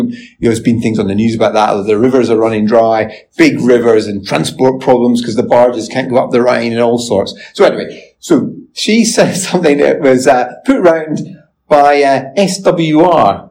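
A man's voice: mid-range voice, darkish tone, slight background noise, rough recording. A man in his forties hosting a podcast in casual, self-mocking chat with lots of restarts. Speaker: podcast host.

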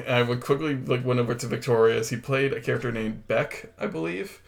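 Guy with a gravelly creaky voice on a podcast, dry jokey comments about a movie. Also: mid-range voice, fairly quick. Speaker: podcast co-host. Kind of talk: casual film review chat.

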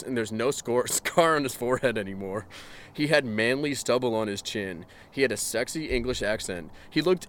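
Man reading trashy fan fiction with deadpan sarcasm. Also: mid-range voice, a little hiss or hum. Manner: deadpan reading broken by laughing asides. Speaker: comedy podcast host reading fan fiction aloud. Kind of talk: mocking dramatic reading with asides.

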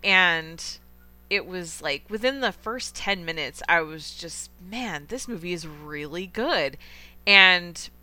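A young woman hosts a film podcast in a relaxed, chatty way. She is eager and opinionated, with plenty of fillers. Her voice is bright and sits a little low. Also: takes it slowly. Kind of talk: casual film review chat.

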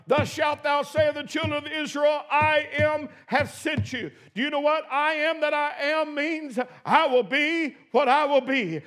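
Man, pastor, sermon, very high-pitched, emphatic, loud and quiet by turns. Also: unhurried, hardly any pauses. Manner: emphatic preaching, swings between shouting and quiet asides.

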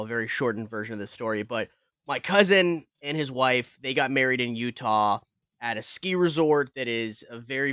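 A man's voice: mid-range voice, pushed and bright, smooth, no echo, clean studio sound. A man co-hosting a horror podcast, telling a celebrity anecdote in casual, swearing chat. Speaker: podcast host.

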